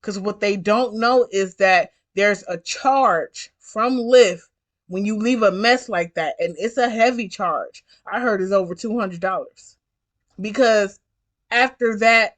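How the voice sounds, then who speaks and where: A woman telling a story in a blunt, emphatic way, repeating lines to drive her point home. Her voice sits at an ordinary middle pitch. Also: slow. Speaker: rideshare driver. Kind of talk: storytime vlog rant.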